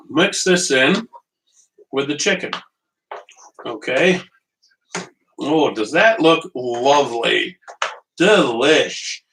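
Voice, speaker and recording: This man speaks in a mid-range, slightly bright voice, with a little background noise in the mix. Hosting a live home cooking stream, he rambles and trades jokes with viewers while his small portable stove heats up in the kitchen. He's recorded from a distance.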